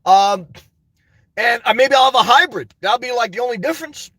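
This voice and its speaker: In a very high, animated voice at a moderate pace, a YouTuber rambles through a casual, story-filled rant aimed at his viewers. He keeps addressing them as "guys" and laughs often. The sound is a bit bright with no echo.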